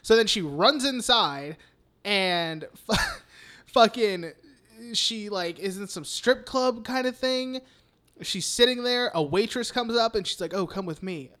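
A man's voice: high voice, lively intonation, slow, bright, forceful tone. A young man hosting a podcast, recapping a film in rambling, profane casual chat full of "like". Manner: rambling, profane, heavy use of "like". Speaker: podcast host.

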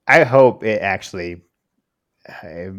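A man co-hosting a casual podcast, talking haltingly with frequent restarts. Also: sits low, a bit bright. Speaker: podcast co-host. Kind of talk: casual group chat.

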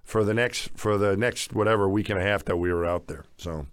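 A man casually recounting an outdoor expedition in conversation, animated and jumping up in pitch when acting out what others said. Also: brisk, clear, resonant tone. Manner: animated, acts out quotes with big pitch jumps. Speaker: guest recounting expedition stories.

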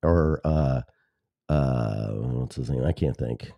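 Studio-clean with no room sound, the recording catches a very deep, warm male voice with vocal fry, taking his time. He hosts a talk show from the Chicago suburbs in Illinois, delivering a solo rambling monologue full of sarcasm and profanity while breaking into his own sentences.

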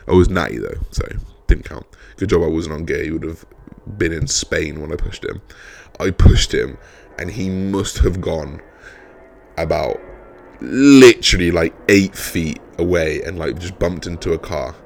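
A young man, a fitness coach, talking casually and bluntly, swearing freely as he retells a story with animated energy. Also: sits low, unhurried, gravelly.

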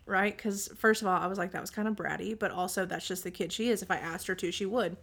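Animated mom telling a story. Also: female voice, mid-range voice, fairly quick, few pauses. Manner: animated storytelling, acts out quotes; frequent throat clearing. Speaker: podcast co-host. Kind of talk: casual chat.

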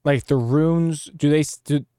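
A man's voice: on the high side, fairly even intonation, measured pace, dark tone, smooth, dry recording, clean studio sound. A man playing in a tabletop game, thinking aloud and asking questions. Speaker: player. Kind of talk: casual tabletop game play.

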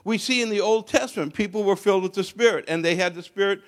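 Halting man preaching a sermon. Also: sits high. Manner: halting, repeats and restarts words, rising when quoting scripture.

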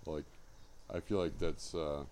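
A man's voice: a bass voice, fairly even intonation, unhurried, mellow, a little hiss or hum. A man co-hosting a comedy podcast, crude and rambling, with many restarts. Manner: crude, hesitant, lots of restarts. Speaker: podcast co-host. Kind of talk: casual comedy banter.

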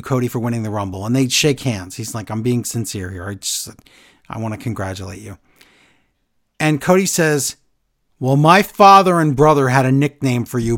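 A man casually chatting as a podcast co-host, retelling a story with lively reactions. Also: medium pitch. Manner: animated storyteller, quoting others in a flat retelling voice. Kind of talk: casual chat, recapping a wrestling segment.

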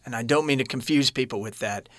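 Appearing as a podcast guest, a man in his late thirties shares his personal story earnestly and haltingly, often restarting sentences. His voice is medium-pitched with a fairly bright tone, in a dry recording.

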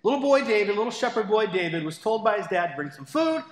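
A man's voice: sits high, very animated, fast talker. A man preaching a sermon as pastor, talking conversationally with playful asides. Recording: echoey hall with long reverb.

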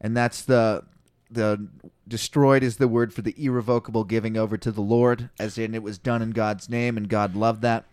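A man's voice: lowish voice, level tone, moderate pace, smooth, no echo, studio quality. A man co-hosting a casual podcast, telling rambling anecdotes and reading scripture aloud, acting out the people he quotes. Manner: storytelling, acts out quoted voices loudly. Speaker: podcast co-host.

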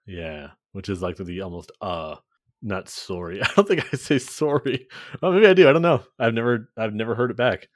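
Man from Canada, low voice, dry close sound, chatty podcast guest. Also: big pitch swings, no echo. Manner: chatty, quick to laugh. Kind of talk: casual podcast chat.

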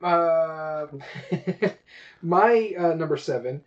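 A man with a fairly high voice chats through a casual podcast, rambling with plenty of fillers and restarts. The audio is dull and lo-fi. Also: drawn-out words. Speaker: podcast co-host. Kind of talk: casual chat about board games.

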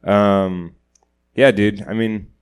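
A man's voice: on the low side, flat delivery, slow pace, clear, resonant tone. Young man telling a comedy story. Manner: storytelling, acting out quotes, laughing. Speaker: podcast co-host, comedian. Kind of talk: casual podcast chat.

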